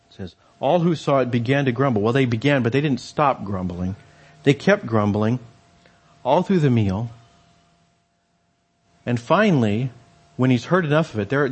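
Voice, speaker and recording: A man's voice: mid-range voice, darkish tone, breathy edge. A man preaching a sermon in a conversational storytelling way, with fillers and restarts.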